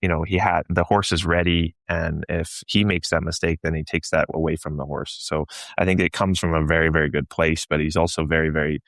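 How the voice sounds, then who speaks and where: Podcast guest: Canadian man, very low voice, thoughtful and halting, dry close mic. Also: fairly even intonation, fairly bright tone, no echo. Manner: reflective, many restarts and fillers. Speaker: show jumping guest. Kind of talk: casual podcast chat.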